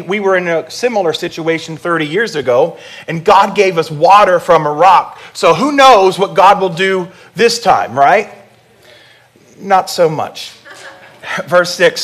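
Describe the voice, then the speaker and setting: Man preaching in a conversational sermon. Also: high voice. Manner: conversational preaching with audience prompts. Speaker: pastor.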